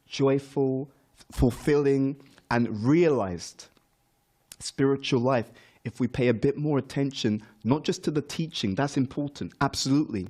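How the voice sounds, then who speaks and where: In a temple classroom, a middle-aged spiritual teacher gives a morning class, speaking earnestly and repeating key words for emphasis. His voice is medium in pitch and a little mellow.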